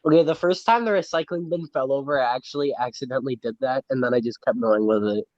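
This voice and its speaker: A man's voice: mid-range voice, fast, a little mellow, no room sound. A teenage boy talking as a guest on a podcast from his phone, goofy and self-mocking and full of jokes. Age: teens. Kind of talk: casual chat. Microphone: phone on a call. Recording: dull dry phone call audio.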